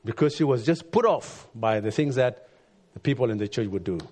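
Guy preaching, kinda husky, earnest, voice jumps up then drops way down. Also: animated, brisk, a little mellow. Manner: earnest, rising to emphatic peaks then dropping low. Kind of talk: sermon.

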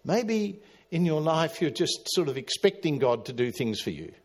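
A middle-aged man preaching a sermon, swinging from loud emphatic calls to quiet, low asides. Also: sing-song, moderate pace. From Australia. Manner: dramatic, rising to loud emphatic calls then dropping quiet. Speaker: pastor.

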